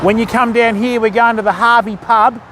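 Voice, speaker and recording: A man's voice: very high-pitched, fairly even intonation, normal speed, background noise. An Australian man live-streaming his fishing on a phone, chatting in a matey, easygoing way and greeting viewers by name. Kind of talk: casual live-stream chat.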